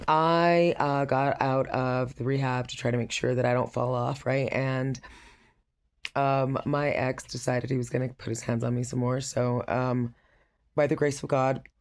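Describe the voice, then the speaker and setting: A woman giving a frank personal update to camera, rambling with many pauses and restarts, with a dry, sarcastic edge. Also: extremely low pitch, level tone. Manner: wry sarcasm. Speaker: vlogger.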